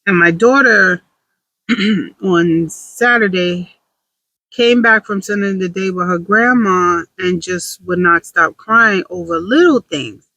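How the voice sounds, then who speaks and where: A woman's voice: lowish voice, slow pace, bright, forceful tone, dry recording, rough recording. A woman talking candidly to camera in a casual confessional vlog, rambling with self-deprecating humor. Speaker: vlogger.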